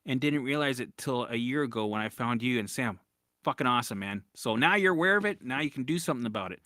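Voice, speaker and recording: A recovery coach with a mid-range voice talks fast in a dry, studio-quality recording while hosting a casual live-stream Q&A. His delivery is blunt, animated, and full of swearing, with many restarts.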